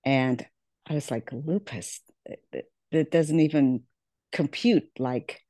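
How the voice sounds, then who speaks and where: A middle-aged woman appearing as a podcast guest tells her life story earnestly in an extremely low, mellow voice, taking it slowly on a dry, studio-quality recording. She repeats words and acts out what others said to her.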